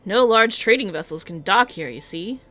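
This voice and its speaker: A woman's voice: mid-range voice, animated, moderate pace, sharp tone. A woman voicing a polite, fretful alchemist in a game read-along, speaking in a courteous, formal way. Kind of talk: reading game dialogue aloud.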